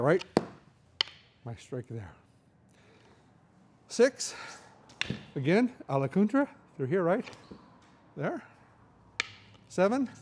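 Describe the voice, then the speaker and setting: A man's voice: a little high, background noise. A middle-aged man teaching a martial arts seminar, talking through each move as he demonstrates and checking in with "right?". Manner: talks through moves while demonstrating, frequent "right?" checks. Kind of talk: hands-on seminar instruction.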